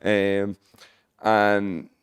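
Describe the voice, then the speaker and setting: A man's voice: lowish voice, completely flat delivery, drawn-out words, clear, resonant tone, no echo, studio quality. A young man with a Liverpool accent, a guest comedian telling rambling, swear-heavy stories in casual podcast chat. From Liverpool, England. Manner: rambling, swears a lot, laughs at his own stories.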